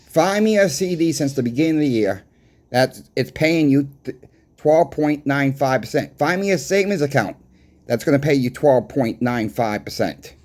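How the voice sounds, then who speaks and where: A man's voice: medium pitch, lively intonation, normal speed, a little mellow. Man, Boston accent, coin shop owner, casual market report, conversational, emphatic, repetitive. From Boston, USA.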